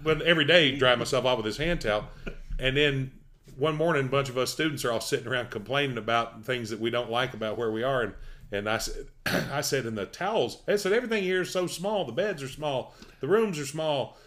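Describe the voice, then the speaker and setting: A man's voice: medium pitch, brisk. A middle-aged man from Tennessee with a Southern accent, telling stories in casual chat. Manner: folksy, animated storyteller.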